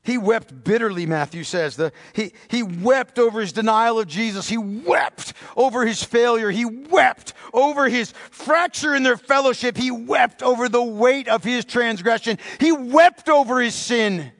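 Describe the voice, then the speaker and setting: A pastor preaches with fervent repetition, his voice pitched notably high. He presses each point home and calls out to his listeners. The sound rings with the long reverb of a church sanctuary. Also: measured pace, hardly any pauses, fairly bright tone. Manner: impassioned, repetitive preaching, calls congregation "beloved". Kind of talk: sermon.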